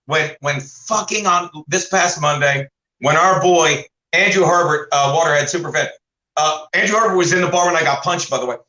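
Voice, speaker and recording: A man's voice: fairly high pitch, fairly quick, echoey room, poor audio. A man co-hosting a casual comedy talk show, rambling through stories and jumping in with voices of people he describes. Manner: rambling, animated storytelling with impressions. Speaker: co-host.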